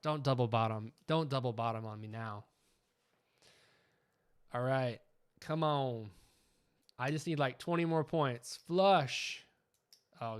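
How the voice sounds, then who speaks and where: Chatty excitable man streaming live. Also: medium pitch, smooth. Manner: chatty, excitable, keeps asking "you know what I'm saying". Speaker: live trading stream host. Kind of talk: casual live-stream commentary.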